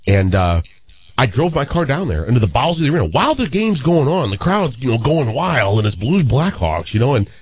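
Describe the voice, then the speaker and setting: A man in his fifties from St. Louis telling a long story in a casual, animated way, often restarting his sentences. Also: medium pitch, brisk, slightly rough, lo-fi sound. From St. Louis, Missouri.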